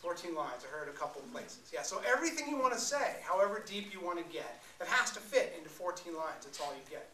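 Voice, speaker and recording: A male poet performs live, explaining verse with playful energy and quick jokes aimed at the audience. His voice sits high and rings very bright. The recording catches him in an echoey room from a distance. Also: animated. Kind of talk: live poetry performance talk. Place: live venue before an audience. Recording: echoey room, mic far off.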